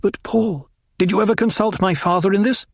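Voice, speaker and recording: A man voicing a noble mother who speaks softly and gently, trying to calm her son. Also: sits high, fairly quick, vocal fry, husky, no room sound, studio quality, pitched above the performer's own voice, full character voice. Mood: gentle. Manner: soft and soothing.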